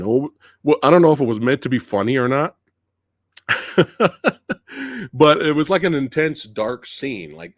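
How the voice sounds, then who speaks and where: A man's voice: deep voice, no room sound, studio quality. A man hosting a live movie review stream, chatting loosely and laughing often as he talks. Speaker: movie review channel host.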